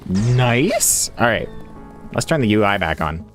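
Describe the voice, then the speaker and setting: Male streamer, low voice with a lively swing, casual play-by-play, quiet music underneath. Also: a little slow. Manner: chatty, laughs often, talks to himself while playing. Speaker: game streamer. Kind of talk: casual live-stream commentary. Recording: faint music behind.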